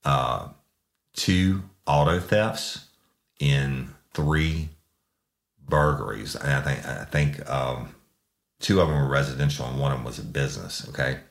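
Very deep-voiced man telling a story. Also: measured pace, vocal fry, reverberant. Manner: profane, drawling, rambling with restarts. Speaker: podcast host telling a true crime story. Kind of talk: casual storytelling.

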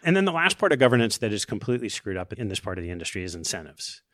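Man, middle-aged, podcast host, animated storytelling, very dry close-mic sound. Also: lowish voice, racing, no echo. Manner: animated, explanatory, storytelling with quoted asides. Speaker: podcast host interviewing investors. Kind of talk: conversational podcast discussion.

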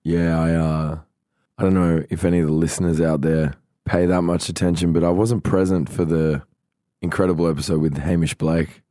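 A man's voice: low voice, little pitch movement, normal speed, dark tone, no echo, studio quality. A man co-hosting a podcast, chatting casually with joking, self-mocking banter. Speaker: podcast co-host. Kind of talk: casual chat.

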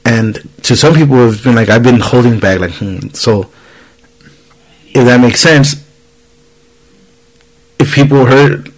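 A man's voice: mid-range voice, unhurried, long pauses, poor audio. A man in his thirties hosting a podcast, telling a story in casual chat, swearing freely and acting out the people he quotes. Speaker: podcast host.

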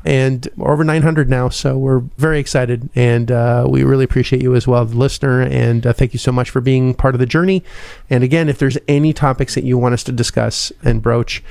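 Gravelly-voiced podcast host. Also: male voice, mid-range voice, steady tone, fairly quick, few pauses, a little mellow, dry recording. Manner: rambling, self-deprecating, laughs often; lisp. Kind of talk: casual podcast wrap-up.

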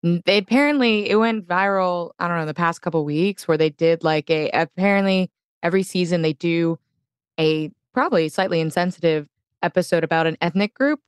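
Wry woman with a smooth voice. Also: lowish voice, brisk, no echo, clean studio sound. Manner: wry, laughing, outspoken. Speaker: producer and co-host. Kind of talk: casual chat.

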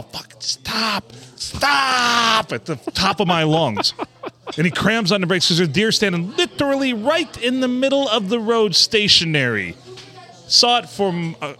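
A man co-hosting a podcast, telling profane, animated stories in casual chat at a bar. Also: high-pitched. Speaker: podcast co-host. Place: bar on a Monday night.

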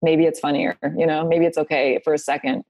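A middle-aged woman talks quickly, her voice warm and mellow. She is a guest in a casual chat and tells stories with energy, jumping into the voices of the people she quotes. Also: low-pitched. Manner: animated storyteller, acts out quoted voices.

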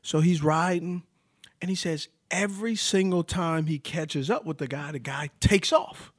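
Man, fairly high voice, dry close sound, casual chat, animated storyteller, loose and full of fillers. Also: unhurried, no room sound.

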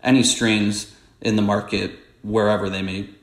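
A man who is a market strategist, giving measured, analytical commentary as a podcast guest. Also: on the low side. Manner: measured, explanatory, steady. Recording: roomy echo.

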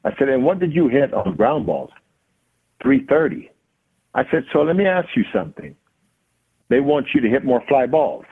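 A man, a hitting coach and podcast guest, telling a lively story and acting out the dialogue. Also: medium pitch, normal speed, long pauses, husky. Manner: acts out quoted dialogue. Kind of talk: animated storytelling. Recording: tinny phone-like line.

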